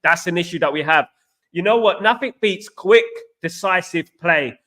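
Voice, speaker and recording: A man's voice: high-pitched, moderate pace, a bit bright. A man hosting a football live stream, ranting passionately and repeating himself as he answers viewer comments. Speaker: football channel host.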